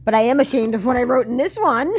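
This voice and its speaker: A woman's voice: a little high, expressive, quick pace, slightly rough. A woman in her late twenties reading her old diary aloud and commenting on it in a wry, self-mocking way, swearing and laughing often.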